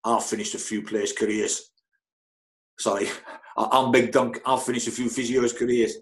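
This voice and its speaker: A man doing a booming, brash Scottish footballer. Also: fairly even intonation, normal speed, close to an everyday voice. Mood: menacing. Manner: loud and brash.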